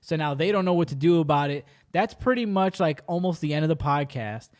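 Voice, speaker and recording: A man with a somewhat high voice spins a long story in casual podcast talk. He is animated and slangy, and he swears freely. The delivery stays loose and conversational. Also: a little fast. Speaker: podcast co-host.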